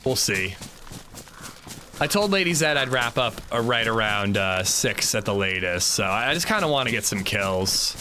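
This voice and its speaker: Lively bright-voiced man with a sore throat. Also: lowish voice, normal speed, slight background noise. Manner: rambling, loose, full of fillers. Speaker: gaming livestreamer. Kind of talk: casual gameplay commentary.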